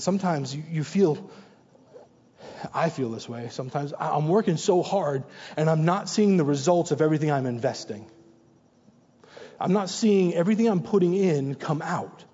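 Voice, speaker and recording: Male pastor, sermon, mellow slightly high voice, chatty storytelling, punchy repeated exhortations. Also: slightly rough. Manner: conversational preaching, personal anecdotes, repeated exhortations. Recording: long reverb, dull muffled sound.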